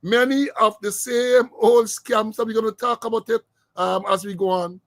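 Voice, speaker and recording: Guy hosting his own politics show, kinda high voice, dry close sound, repeats stuff for emphasis. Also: fairly even intonation, normal speed, dry recording. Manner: emphatic, repeats phrases for weight. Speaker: podcast host. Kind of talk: casual political commentary.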